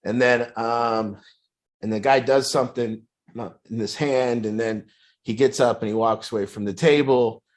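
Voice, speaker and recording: A man's voice: steady tone, a little slow. Rambling man telling a story. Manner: rambling, full of fillers and restarts; acts out quoted lines in a higher, pressing voice. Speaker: group speaker telling a story. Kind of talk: casual storytelling.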